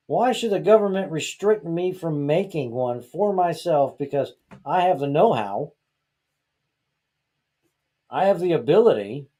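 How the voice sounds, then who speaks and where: A man's voice: a little high, sing-song, normal speed, pauses often, dark tone. A man from Georgia hosting a podcast, ranting in a heated, exasperated way and firing off rhetorical questions in casual talk. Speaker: podcast host.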